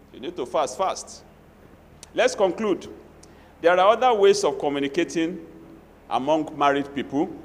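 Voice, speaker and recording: Nigerian pastor preaching in a reverberant hall. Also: male voice, fairly high pitch. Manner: animated preaching with Yoruba asides and acted quotes. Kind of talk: sermon.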